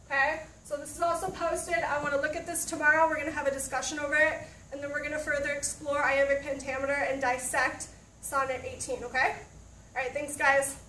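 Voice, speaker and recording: A woman teaches a classroom lesson in a high voice, stopping often to ask her students questions. She is picked up from across the room, so her voice sounds roomy and distant. A faint hum of the room sits underneath. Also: little pitch movement, a little fast, bright, forceful tone. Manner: checks in with students, asks questions.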